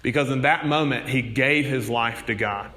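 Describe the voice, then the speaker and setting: A man's voice: mid-range voice, normal speed, bright, forceful tone, in a large hall. A man preaching a sermon, telling stories in an earnest manner. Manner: storytelling, earnest.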